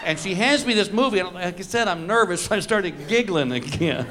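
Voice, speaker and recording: A man with a high, very lively voice tells a comic story on stage, swinging his delivery up and down between setups and punchlines. He is miked in a live club recording, with the noise of the audience clearly heard behind him. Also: fairly quick. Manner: storytelling with punchlines, brief acted quotes. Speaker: stand-up comedian. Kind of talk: stand-up comedy routine.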